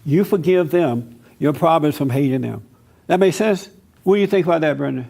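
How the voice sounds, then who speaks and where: A man preaching in a loose, conversational way, earnest and repetitive as he drives his points home. His voice sits a bit higher than most men's. He talks like he's chatting with the room rather than reading a script. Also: expressive, brisk, creaky, warm tone. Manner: testimonial storytelling. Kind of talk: informal sermon-style teaching to an audience.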